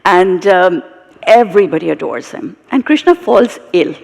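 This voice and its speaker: Brief: British woman, expressive onstage storyteller, gravelly edge, live hall echo. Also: lowish voice, normal speed. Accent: British English. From Britain, of Indian heritage. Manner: animated, expressive storytelling with asides. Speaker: storyteller and guest speaker.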